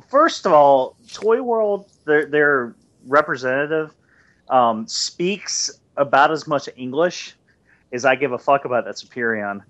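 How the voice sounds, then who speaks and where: A man's voice: medium pitch, lively intonation, takes it slowly, fairly bright tone. Rambling, cussing podcast guy. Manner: rambling, profane, full of restarts. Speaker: podcast co-host. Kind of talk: casual podcast chat. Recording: dull lo-fi audio.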